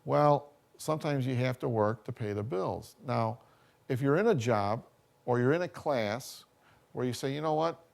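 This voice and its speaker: A man's voice: mid-range voice, normal speed, gravelly. A man giving a college workshop talk, chatty and full of anecdotes, often checking in with "you know" and "okay?". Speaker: workshop speaker.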